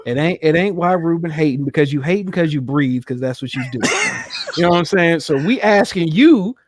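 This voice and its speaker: Teasing podcast co-host. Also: male voice, on the high side, animated, a little fast. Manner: teasing, insistent. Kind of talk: casual banter.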